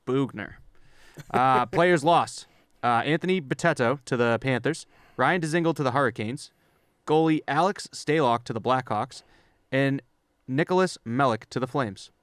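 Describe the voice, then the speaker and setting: A man co-hosting a sports podcast, briskly reading through lists of stats and signings and then chatting casually. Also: mid-range voice, clean tone, no room sound, clean studio sound. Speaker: podcast co-host.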